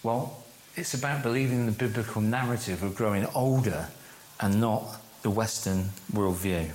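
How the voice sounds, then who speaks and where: Measured man teaching in an echoey room. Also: fairly low pitch, a little mellow, slight background noise. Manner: measured, slows down to stress key phrases. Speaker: course leader giving a church talk. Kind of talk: teaching talk to a group. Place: room with a live audience.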